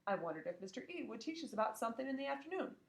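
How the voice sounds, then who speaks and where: A woman reading a children's book aloud, expressive and acting out the characters. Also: high voice, rapid-fire. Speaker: reader. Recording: echoey room.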